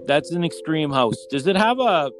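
A man's voice: fairly high pitch, expressive, over music. Middle-aged man hosting a chatty podcast. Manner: joking, teasing, halting restarts. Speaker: podcast host. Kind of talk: casual family chat.

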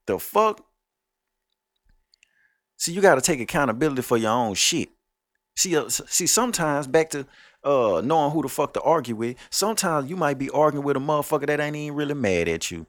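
A man's voice: fairly high pitch, lively intonation, fast talker, dry recording. A man hosting a podcast, ranting at listeners in a blunt, profane, scolding way. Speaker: podcast host. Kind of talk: ranting monologue.

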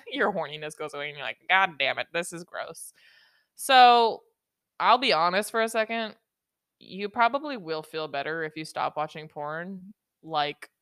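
A woman's voice: low voice, a bit bright, dry recording, clean studio sound. A woman hosting a solo podcast, rambling and joking with lots of swearing and laughter. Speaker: podcast host. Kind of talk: casual solo podcast monologue.

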